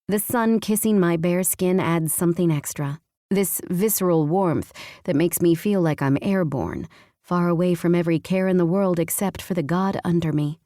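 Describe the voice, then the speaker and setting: A woman narrating a first-person romance audiobook with a hushed, intimate delivery. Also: fairly low pitch, normal speed, no echo, clean studio sound.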